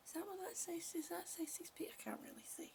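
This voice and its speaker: A woman hosting a casual live stream, greeting viewers by name, short of breath and breathy, often dropping to a whisper. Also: very high voice, fairly even intonation, quick pace, a little mellow. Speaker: livestream host.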